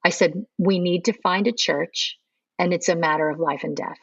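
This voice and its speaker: A woman's voice: fairly low pitch, normal speed, gravelly, a bit bright, breathy edge, dry recording, lo-fi sound. A middle-aged woman, a podcast guest, telling her conversion story in earnest and acting out remembered dialogue. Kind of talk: personal storytelling interview.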